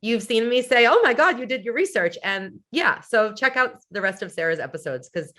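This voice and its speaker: A woman's voice: a little high, big pitch swings, moderate pace, bright, forceful tone. A woman guest talking earnestly about the show in a casual way. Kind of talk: casual chat.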